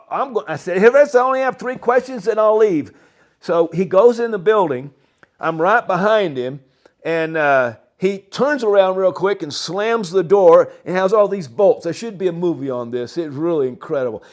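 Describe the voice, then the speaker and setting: An older man, telling a long story as a guest, animated and halting, with frequent chuckles. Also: a little high. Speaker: interview guest. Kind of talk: rambling storytelling.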